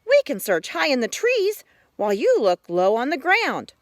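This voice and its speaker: A woman's voice: high voice, wildly swooping pitch, moderate pace, no echo, studio quality, pitched above the performer's own voice. A woman voicing a pair of friendly catbirds in a storybook read-aloud, eager to help. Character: pair of chirpy helpful catbirds.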